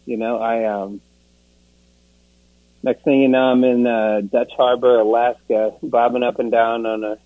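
A man's voice: mid-range voice, little pitch movement, measured pace, no room sound. Man giving a recovery share, rambling and self-mocking, frequent chuckles, narrow phone-like sound, dry. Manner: rambling, self-deprecating, laughs often, many "you know"s. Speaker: speaker sharing at a recovery meeting. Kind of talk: personal recovery testimony.

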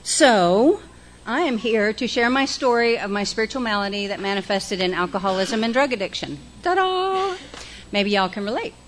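A woman's voice: mid-range voice, a little fast, a little hiss or hum. Candid woman sharing her recovery. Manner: candid, self-deprecating, folksy. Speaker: recovery meeting speaker. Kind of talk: personal recovery talk with guided breathing.

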